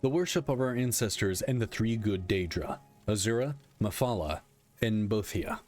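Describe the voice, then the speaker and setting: A man reading aloud the lines of a weary male god-king who speaks dryly and candidly, in a plain, measured voice. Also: fairly low pitch, expressive, darkish tone, faint music behind, close to an everyday voice. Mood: solemn.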